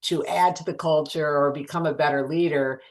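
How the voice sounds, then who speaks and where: Female podcast host, very low pitch, summarizing, asking questions. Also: fairly even intonation, moderate pace, a little mellow. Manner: thoughtful, summarizing the guest's points. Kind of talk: casual interview questions.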